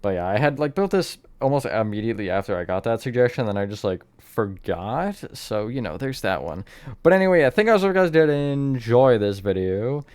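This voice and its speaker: A man's voice: mid-range voice, big pitch swings, brisk, a little mellow, clear, resonant tone. A young man narrating a casual building tutorial, rambling and hedging, often correcting himself. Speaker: Minecraft tutorial host.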